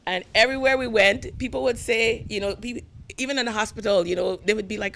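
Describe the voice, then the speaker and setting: A woman's voice: medium pitch, fast talker, vocal fry, fairly bright tone. A woman in her fifties giving a eulogy for her husband, telling fond stories while fighting back tears. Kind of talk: personal eulogy, storytelling.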